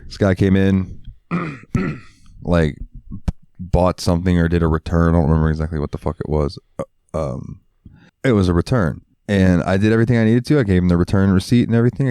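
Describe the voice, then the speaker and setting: A man's voice: low-pitched, a little fast, warm tone, dry recording, clean studio sound. A man co-hosting a casual podcast, telling stories about customers, laughing and swearing along the way. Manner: storytelling, laughs often, swears. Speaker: podcast co-host, pharmacy clerk. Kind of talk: casual chat.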